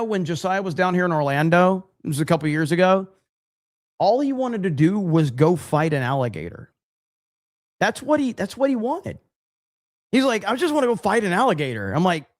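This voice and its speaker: A man hosts a casual livestream, reading viewer super chats aloud and answering them with joking exasperation. His voice sits slightly high for a man. The sound is close and dry, with little room around it. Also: no echo. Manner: jokey, exasperated reactions, reads viewer messages aloud.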